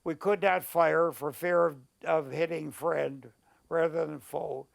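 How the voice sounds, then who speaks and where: An older man, a war veteran, recounting memories in an oral history interview, halting and searching for words, at times emotional. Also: a little high, fairly even intonation. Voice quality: gravelly.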